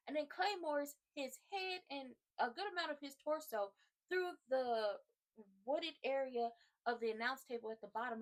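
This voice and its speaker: A woman vlogger ranting through a wrestling recap in a chatty, slangy, sassy way. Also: high-pitched.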